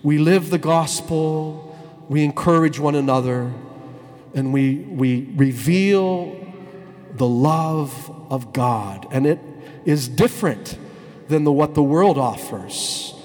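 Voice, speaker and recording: A man, a priest, telling a story in a sermon, slowing down and stretching words to stress them. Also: fairly high pitch, a little mellow, long reverb tail, soft background music. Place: church.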